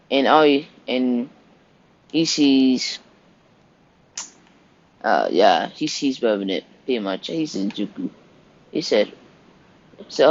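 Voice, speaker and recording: A man narrating an improvised fan story in a loose, rambling way. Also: medium pitch. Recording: dull lo-fi recording.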